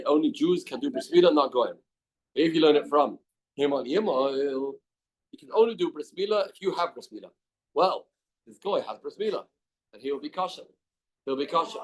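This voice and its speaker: Man teaching a Talmud class. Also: medium pitch. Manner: reads text aloud then explains in plain speech, asks questions. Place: study hall.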